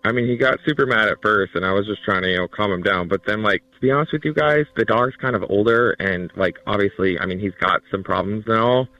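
A man's voice: lowish voice, fast, hardly any pauses, pushed and bright, muffled recording. A man calling in to a radio show, defensive and hedging, rambling with fillers.

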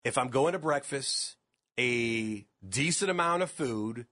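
A man's voice: mid-range voice, expressive, unhurried, a bit bright. A man co-hosting a morning radio show, chatting casually and joking as he rambles between topics.

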